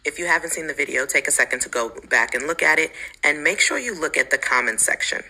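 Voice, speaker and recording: Brief: man vlogger, self-assured, gravelly with a very sharp edge. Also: fairly high pitch, expressive, fast, rough recording. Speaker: social media creator. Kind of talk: vlog commentary to camera.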